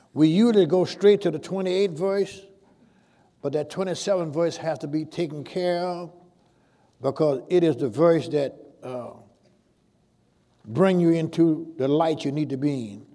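A man delivers a sermon in a slightly raised voice. He talks his listeners through scripture in a loose, conversational way. Then he slows and swells loud on the key words. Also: a little high. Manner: preacherly, drawn-out emphasis on scripture with sudden loud swells. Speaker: pastor.

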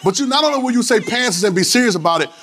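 A man's voice: very high-pitched, animated, racing, fairly bright tone, a little hiss or hum. A man with a Louisiana accent, preaching a sermon in a church with playful, rhythmic call-and-response. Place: church sanctuary.

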